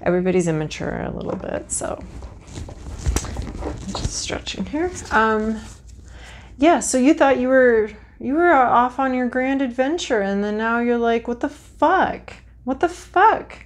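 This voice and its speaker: A woman's voice: a little high, expressive, measured pace, slight background noise. A woman reading tarot cards to camera in a casual, frank, chatty way, thinking aloud as she draws. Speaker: tarot reader.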